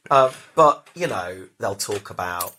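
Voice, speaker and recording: A middle-aged man chatting as a podcast guest, telling stories with loud bursts and quiet asides. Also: lowish voice, lively intonation, a little slow, noisy background. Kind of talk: casual chat.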